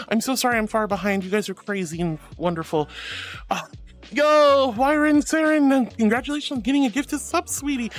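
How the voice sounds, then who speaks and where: A woman live streamer chatting with her viewers, gushing, flustered and laughing often as she thanks them. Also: fairly high pitch.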